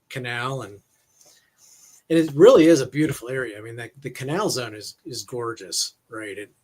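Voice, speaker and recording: Relaxed man reminiscing as a stream guest. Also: medium pitch. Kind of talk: casual storytelling on a live stream.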